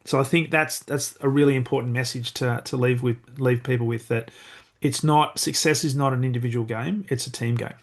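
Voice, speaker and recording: A man's voice: mid-range voice, fairly even intonation, a little fast. A man hosting a podcast, reflecting thoughtfully on his guest's story and thinking aloud. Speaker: podcast host. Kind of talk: casual interview chat.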